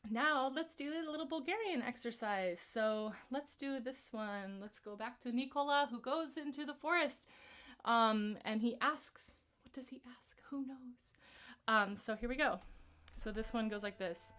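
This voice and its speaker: A woman vocal coach leading a live-streamed singing warm-up, explaining exercises in a relaxed, chatty way between scales. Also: fairly high pitch, a little slow.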